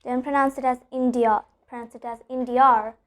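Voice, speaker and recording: A woman teaching an online pronunciation lesson, explaining step by step, repeating example sentences and often checking in with a quick "okay?". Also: sits high, flat delivery.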